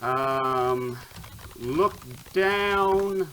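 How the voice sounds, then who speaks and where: A man's voice: a little high, animated, drawn-out words, fairly bright tone, a little hiss or hum. A man streaming a retro game, casually commenting, joking, and reading the game's text aloud. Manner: playful, joking asides, typing commands aloud.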